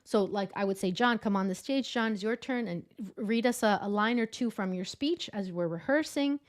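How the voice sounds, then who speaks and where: Woman on a video call, teacher type, gets excited and chatty explaining stuff, lots of "like"s. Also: mid-range voice, fairly quick. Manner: enthusiastic, animated explainer with frequent fillers. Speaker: guest, adjunct professor of public speaking. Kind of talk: casual interview chat.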